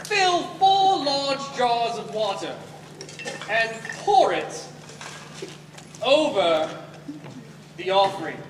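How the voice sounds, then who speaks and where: A lively, fairly high voice delivers a playful comic church skit, hamming up loud taunts. It sounds distant and echoey, with steady hiss behind it, as if caught from across a big hall. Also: male voice, very slow, long pauses. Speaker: actor playing a prophet in a church skit. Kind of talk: comic stage reenactment. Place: large church hall with audience. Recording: echoey hall, far from mic, noisy.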